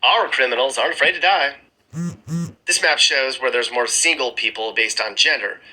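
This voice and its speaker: Male vlogger, casual sarcastic map commentary, bright tone, a bit husky. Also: mid-range voice, moderate pace, low-quality recording. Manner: sarcastic, chuckling asides. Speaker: screen-recording vlogger. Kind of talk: casual commentary over maps. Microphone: phone screen-recording mic.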